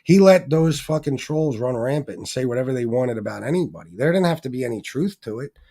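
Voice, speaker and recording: A man hosting a live stream in loose, unscripted commentary. He swears freely and circles back with plenty of fillers and restarts. His voice sits in a middling register and pushes up and gets more forceful when he gets worked up. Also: medium pitch, lively intonation, fairly quick. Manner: profane, rambling, lots of fillers and restarts; turns heated and emphatic when ranting. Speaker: livestream host reading viewer donations.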